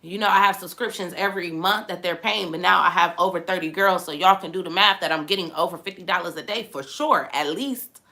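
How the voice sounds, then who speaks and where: Young woman host, lowish voice with a bright, forceful edge; casual, animated livestream talk. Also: fairly quick, gravelly. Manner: animated, exclamatory, addresses viewers directly.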